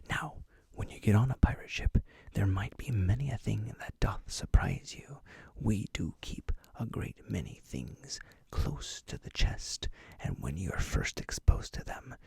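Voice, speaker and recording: A man whispering as Captain Susurrus, breathy pirate. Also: lowish voice, darkish tone, dry recording, exaggerated voice. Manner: flowery, theatrical, teaching pirate slang. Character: jolly male pirate captain, grandiose and playful. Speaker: ASMR host. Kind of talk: whispered role-play.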